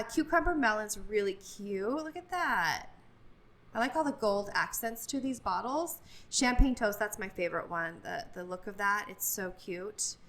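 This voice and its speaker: A woman with a medium-pitched, slightly bright voice vlogs a casual walkthrough of a large indoor retail store. She's chatty and gushing, using lots of fillers, and it's recorded on a handheld phone.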